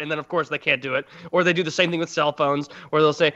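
A man's voice: a little high, steady tone, fast, few pauses, a bit bright. A man chatting casually with friends, joking and mimicking callers in his stories. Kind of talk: casual chat. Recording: dull lo-fi recording.

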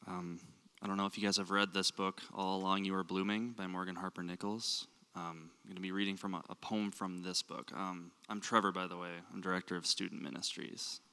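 A man's voice: low-pitched, flat delivery, fairly quick, few pauses, pushed and bright, clear, resonant tone. A man with a Minnesota accent leading a church service, reading a poem and praying, with casual joking asides and frequent ums. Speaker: director of student ministries. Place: church sanctuary. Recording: long hall reverb in a church.

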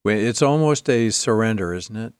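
A male co-host with a lowish voice talks reflectively, stopping often for fillers. The sound is dry and close-miked. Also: animated, normal speed, smooth, dry recording. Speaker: radio show co-host. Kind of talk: talk show hosting.

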